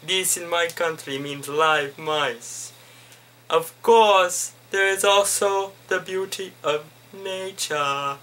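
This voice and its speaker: A man voicing a manic, cackling male psychiatrist from Transylvania, with a put-on Transylvanian accent and a shrill, theatrical manner. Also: slow, sharp tone.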